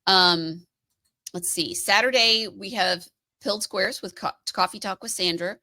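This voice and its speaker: Bright-voiced chatty woman, dry sound. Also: medium pitch, measured pace, dry recording. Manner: chatty, laughs often, animated storytelling. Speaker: co-host of a live stream show. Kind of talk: casual chat.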